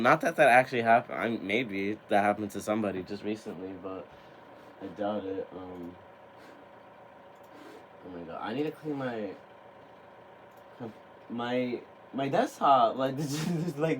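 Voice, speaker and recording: Speaking unhurriedly at medium pitch, a man in his twenties addresses the camera casually on his tarot and spiritual channel, excited, laughing a lot and dropping the occasional swear word. A little background noise is present.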